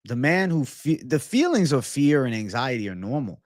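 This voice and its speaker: A young man hosting an MMA livestream, chatting casually and reading comments in a profane, excitable bro style. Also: mid-range voice, normal speed, dry recording, studio quality. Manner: profane, excitable, laid-back bro talk.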